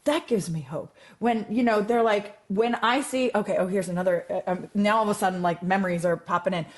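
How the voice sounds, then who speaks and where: A woman math teacher speaks as a guest in a relaxed conversation. She talks in a chatty, animated way, circling back with fillers and restarts. Her voice sits at a middle pitch. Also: fairly quick. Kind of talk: casual interview chat.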